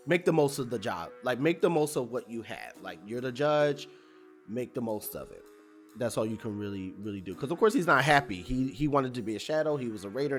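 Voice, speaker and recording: A man's voice: medium pitch, a bit bright. A man casually recapping a TV episode, retelling scenes in a loose, chatty way and voicing characters' lines as he goes. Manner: loose, chatty retelling with fillers and acted-out quotes. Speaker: TV recap reviewer.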